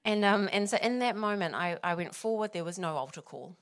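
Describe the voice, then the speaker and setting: A woman's voice: lowish voice, lively intonation, a little fast. A woman, a pastor's wife sharing her personal testimony, emotional at times and laughing between phrases.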